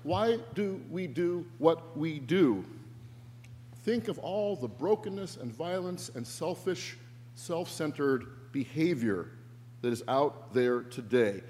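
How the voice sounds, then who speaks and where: A man's voice: fairly high pitch, expressive, takes it slowly, mellow. A man preaching a sermon as pastor, earnest and reflective, shifting his emphasis. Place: church sanctuary. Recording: echoey church with faint hum.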